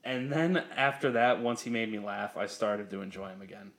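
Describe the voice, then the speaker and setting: A young man with a low, gravelly voice tells stories on his podcast, swearing freely and breaking into laughter. His delivery is loose and animated, a casual chat between friends. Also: normal speed. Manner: profane, laughing, animated storyteller. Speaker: podcast co-host.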